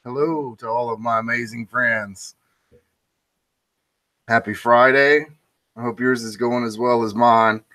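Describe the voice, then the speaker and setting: A man's voice: mid-range voice, fairly even intonation, a little slow, long pauses, sharp tone. A man hosting a casual monologue, telling a bar joke with restarts and asides. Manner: rambling, with restarts and self-commentary. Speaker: host.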